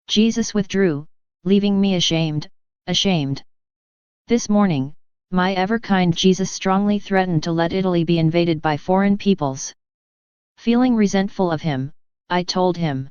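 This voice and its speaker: A woman reads a mystic's diary in an earnest, steady first-person voice. Her tone is low and very clear. The recording is dry and close, and a little muffled, like a lo-fi recording. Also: moderate pace, no room sound. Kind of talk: devotional reading.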